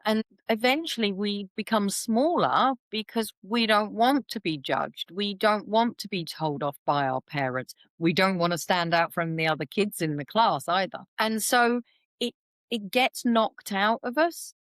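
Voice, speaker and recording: A woman's voice: medium pitch, unhurried, no room sound. A woman, a guest explaining things chattily in a podcast interview and acting out quoted voices as she goes. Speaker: intuitive reader, podcast guest.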